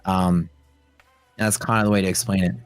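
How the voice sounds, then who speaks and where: A low, clean-toned male voice, a little fast, with no room sound and faint background music. He's a young livestream host on a trading stream, casually chatting with his audience and live chat and spinning joking stories with playful quoted voices.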